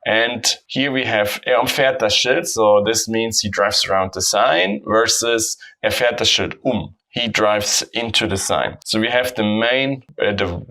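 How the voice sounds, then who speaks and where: A man teaching a grammar lesson in English, calmly explaining example sentences. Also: on the low side, rough recording. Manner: explanatory, steady, mixing German examples with English. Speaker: German teacher.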